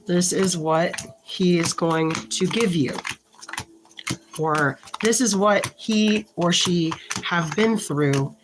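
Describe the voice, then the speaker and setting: A tarot reader with a lowish voice gives a casual reading to camera against a noisy background. She speaks slowly and haltingly, thinking aloud while shuffling and pulling cards, sounding frank and a little irritated.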